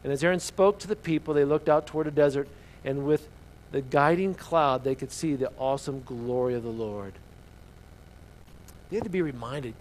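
A man preaching a sermon as an animated storyteller, swinging sharply from loud outbursts to hushed asides. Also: fairly high pitch, low-quality recording. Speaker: pastor.

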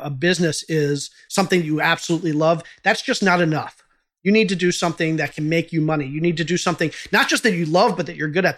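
A man's voice: on the high side, a bit bright. Man giving plain business advice. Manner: earnest, advice-giving, with small restarts. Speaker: podcast host and entrepreneur. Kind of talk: casual podcast interview answers.

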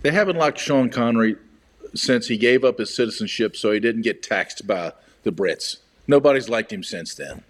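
A man co-hosting a casual movie chat, agreeable and quick to chime in with short affirmations. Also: lowish voice, expressive. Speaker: podcast co-host.

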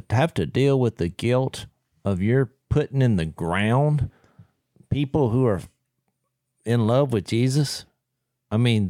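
A man's voice: mid-range voice, no echo, studio quality. A man co-hosting a faith podcast, talking thoughtfully and paraphrasing scripture. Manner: thoughtful, with frequent fillers and restarts. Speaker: podcast co-host. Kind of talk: casual faith discussion.

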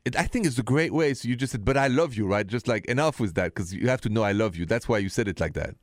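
A man's voice: mid-range voice, animated, fast, no echo, clean studio sound. A man, hosting a late-night radio call-in show and confiding about his own dating life. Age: 50s. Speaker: radio host.

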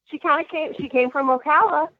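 A woman's voice: sits high, a little fast, no room sound. A woman from New Jersey who teaches riding, calling in to a radio show in a friendly, chatty way, heard over a phone line. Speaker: caller, riding instructor. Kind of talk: call-in conversation.

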